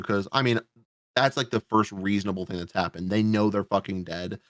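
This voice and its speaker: A man's voice: on the low side, fairly even intonation, fairly quick, a bit bright, smooth, dry recording, studio quality. A man hosting a podcast, reviewing a horror movie in a casual, sarcastic, rambling way, swearing often. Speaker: podcast host.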